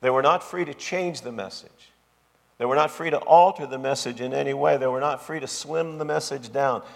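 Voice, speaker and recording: A man's voice: medium pitch, moderate pace, vocal fry. A man preaching a sermon as pastor, with an emphatic, repetitive cadence. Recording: long hall reverb.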